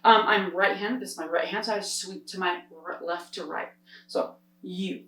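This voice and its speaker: A woman's voice: on the low side, fairly even intonation, moderate pace, a bit bright. A woman sign language teacher explaining step by step in an upbeat, demonstrative way. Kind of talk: instructional explanation. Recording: roomy sound, distant from the mic.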